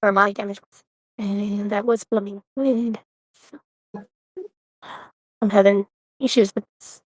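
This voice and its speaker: Taking her time in a flat, mid-range voice, this woman is recorded with no room sound. On a casual call during an online tabletop game, she talks through her turn as a player, hesitating often and leaning on fillers.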